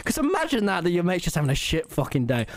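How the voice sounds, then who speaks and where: A teenage boy telling an animated, rambling story to an audience, swearing freely and restarting his sentences. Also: high-pitched, quick pace, no echo, clean studio sound. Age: teens. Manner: excitable, rambling, swears a lot, frequent restarts. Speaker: streamer.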